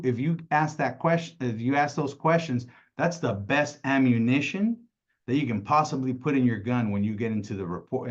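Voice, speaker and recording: Man, sales coach, casual and animated, constant "right?", slightly dull lo-fi audio. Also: mid-range voice. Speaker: sales trainer. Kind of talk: casual training talk.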